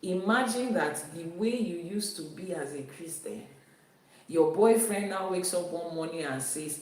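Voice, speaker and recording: A woman's voice: lowish voice, unhurried, darkish tone. A woman teaching about Ifa spirituality in an emphatic way, repeating her key phrases. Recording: very echoey room, voice from a distance.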